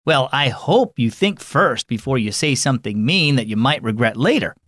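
A man hosting and narrating a children's story program in a friendly, expressive storytelling manner. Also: medium pitch, normal speed, no room sound, clean studio sound. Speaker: host and narrator.

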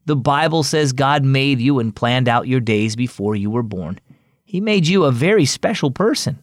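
A man's voice: medium pitch, moderate pace, dry recording, clean studio sound, close to an everyday voice. A man playing Mister Radcliffe, a kind old neighbor. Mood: comforting. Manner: warm, steady, comforting. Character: kind older male neighbor, calm and firm.

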